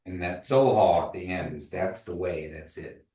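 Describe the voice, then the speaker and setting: Male teacher, lower voice, patient and casual, recorded from a distance in an echoey classroom. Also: moderate pace, warm tone. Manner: patient, models pronunciation, tells anecdotes. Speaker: language teacher.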